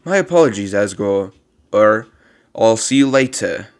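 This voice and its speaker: A man's voice: medium pitch, animated, a little slow, close to an everyday voice. A man voicing a kindly old male monster who looks after a child, talking in a formal, rambling way with a strained put-on voice. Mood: polite. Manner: gentle, formal and fond of rambling. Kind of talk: reading game dialogue aloud.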